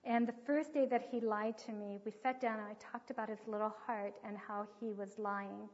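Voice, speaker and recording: A woman's voice: medium pitch, fairly even intonation, normal speed, a little mellow. A woman earnestly telling a story as part of a sermon, with vivid retelling and acted quotes. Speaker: speaker teaching on child discipline. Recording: dull recording with long hall reverb.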